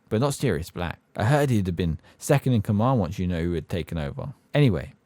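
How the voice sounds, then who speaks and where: A man's voice: fairly low pitch, no room sound. A man doing a chatty bus conductor. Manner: excitable, rambling, keeps seeking agreement. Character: chatty young male bus conductor, gossipy. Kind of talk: audiobook character voice.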